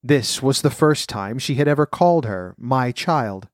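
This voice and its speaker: A man reading a fairy tale aloud and commenting on its folklore roots in a measured, clear voice. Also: medium pitch, animated, no echo, studio quality. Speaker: storyteller.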